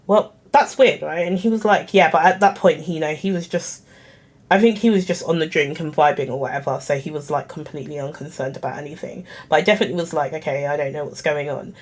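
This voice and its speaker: A woman's voice: deep voice, quick pace. A young woman, telling a story casually to camera in a chatty, giggly, self-conscious way. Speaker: vlogger.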